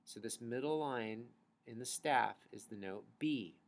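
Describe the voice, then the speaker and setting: A man in mid-range pitch leads a recorded music lesson for children. He is patient and encouraging, and he chants rhythm syllables and note names slowly so the class can repeat them. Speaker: music teacher.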